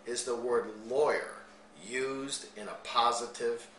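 A man preaching a sermon, reading scripture aloud and breaking off into lively asides with small chuckles. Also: mid-range voice, takes it slowly, roomy sound, noisy background. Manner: reads King James verses, then breaks in with lively asides and chuckles.

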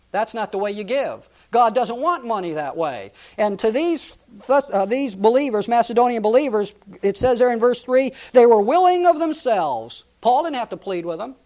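A man's voice: sits high, darkish tone. Plainspoken preaching man, storytelling. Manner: conversational preaching with restarts and storytelling. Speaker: pastor. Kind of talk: sermon.

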